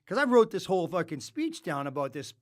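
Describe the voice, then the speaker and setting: A middle-aged man, a former hockey player, telling stories as a podcast guest in a studio. He swears freely and breaks into loud outbursts. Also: fairly high pitch, a little fast, no echo. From Canada. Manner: animated, profane storyteller with loud outbursts. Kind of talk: casual storytelling.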